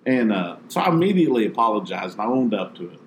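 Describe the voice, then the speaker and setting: A professional bass angler telling a story in casual talk, animating it by acting out the others. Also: male voice, very animated, fast talker, reverberant, a little hiss or hum.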